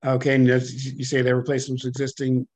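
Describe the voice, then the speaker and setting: A man chairing a public commission hearing, halting and full of fillers and self-corrections, speaking over a video call. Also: medium pitch, monotone, darkish tone, no room sound.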